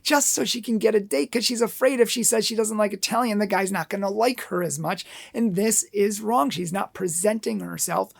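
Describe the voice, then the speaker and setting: A man's voice: high voice, moderate pace, gravelly, hardly any pauses. A man giving an earnest teaching talk on Catholic dating, acting out bits of dialogue as he goes. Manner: earnest, acts out dialogue in asides.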